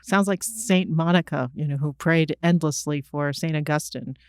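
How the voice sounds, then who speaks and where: A podcast host who poses questions in a measured way and draws a lesson for the listeners. The voice is smooth and clear, and it is recorded dry and close. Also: medium pitch, no room sound. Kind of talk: interview questions.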